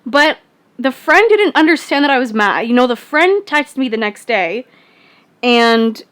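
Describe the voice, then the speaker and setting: A woman's voice: high voice, lively intonation, unhurried, fairly bright tone, clean tone. A young woman vlogger rambling casually through a personal story, full of fillers and restarts.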